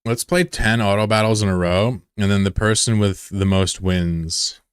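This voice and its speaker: A man's voice: on the low side, steady tone, normal speed, smooth, no echo, clean studio sound. A young American man chatting loosely with viewers on a stream, rambling and swearing freely. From USA. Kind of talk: casual chat with viewers.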